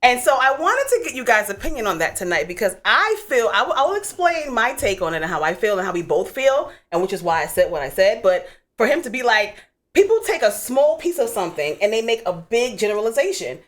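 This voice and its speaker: A woman hosting a call-in radio talk show, outspoken and animated, with lots of casual fillers. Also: on the high side, fairly quick.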